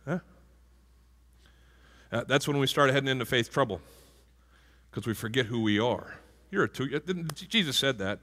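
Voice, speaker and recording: A man's voice: mid-range voice, normal speed, long pauses, pushed and bright. A male pastor giving a conversational sermon and asking the congregation questions. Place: church sanctuary. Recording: hall reverb from a church.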